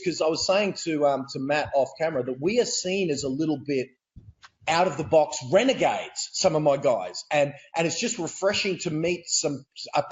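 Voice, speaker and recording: A man's voice: fairly high pitch, lo-fi sound. An Australian man, a guest on a podcast, talking in a chatty, enthusiastic way. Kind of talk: casual podcast conversation.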